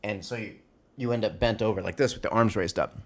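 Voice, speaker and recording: Profane, animated man telling a story. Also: on the low side, fast talker. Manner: animated, profane, many fillers and restarts. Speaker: former store security guard. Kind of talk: casual storytelling.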